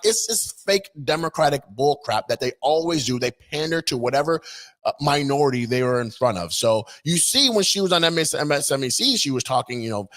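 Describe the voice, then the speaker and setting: A man's voice: fairly high pitch, big pitch swings, brisk, creaky, a bit bright. A man hosting an opinion vlog, talking in an indignant, mocking, rambling way. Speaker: political commentator host.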